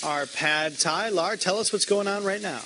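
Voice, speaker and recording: A man's voice: high voice, normal speed, pushed and bright, a little hiss or hum. A man hosting a cooking segment in a studio kitchen, upbeat and full of praise. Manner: enthusiastic, praising. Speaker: TV show host.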